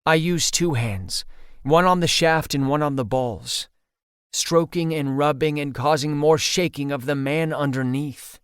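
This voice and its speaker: A man's voice: fairly high pitch, unhurried, a bit bright, clear, resonant tone, no echo. Man reading an audiobook, dry close sound. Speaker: audiobook narrator. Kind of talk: first-person audiobook narration.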